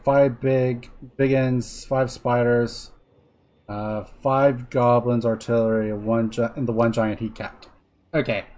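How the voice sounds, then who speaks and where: Chatty man muttering through a strategy game. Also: mid-range voice. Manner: chatty, muttering, swears when annoyed. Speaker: streamer. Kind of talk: casual gameplay commentary.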